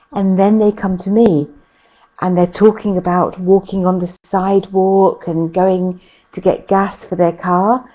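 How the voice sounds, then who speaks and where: A woman with a British accent, teaching an English class over a video call in a chatty way with frequent ums. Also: mid-range voice. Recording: slightly muffled call audio.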